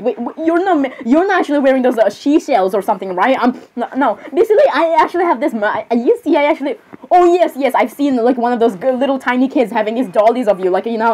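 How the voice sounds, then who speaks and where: High-voiced giggly young woman. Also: darkish tone, slightly rough. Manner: rambling, keeps apologizing, frequent giggles. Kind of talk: in-character cosplay role-play chat.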